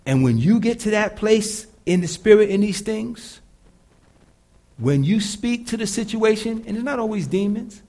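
Deep-voiced man preaching with lively swings. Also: normal speed. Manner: dynamic preaching, swinging between loud and hushed. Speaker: pastor. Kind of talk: live sermon to a congregation.

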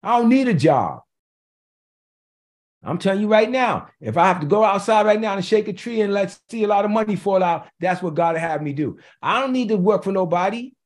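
A man's voice: high-pitched, brisk, few pauses. A man preaching a sermon in a conversational way, repeating key phrases for emphasis and slipping in joking asides.

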